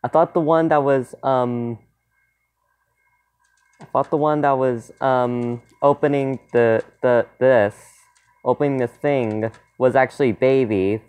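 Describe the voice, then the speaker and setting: A man's voice: mid-range voice, steady tone, takes it slowly, darkish tone, smooth. A young man doing casual let's play commentary, hesitant and rambling with fillers. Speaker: gameplay youtuber.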